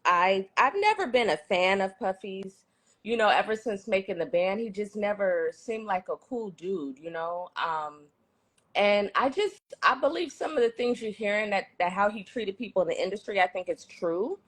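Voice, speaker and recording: A woman from the San Francisco Bay Area, chatting in a relaxed, thoughtful way during a street interview outdoors. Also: mid-range voice, normal speed.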